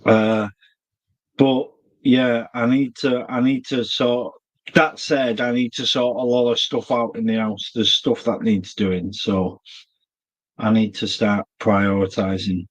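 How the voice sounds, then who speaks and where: A man's voice: mid-range voice, fairly even intonation, slow pace, poor audio. A middle-aged man, rambling and thinking aloud in a casual live-stream chat from a small room he built himself. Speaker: livestreamer.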